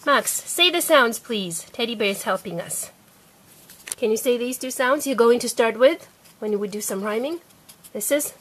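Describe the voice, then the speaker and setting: A young woman patiently teaching a child to read, sounding out letters and words slowly and clearly, praising and correcting as she goes. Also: a little high, a bit bright. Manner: slow, clear, encouraging, repeats sounds for the child. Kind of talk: patient one-on-one reading lesson.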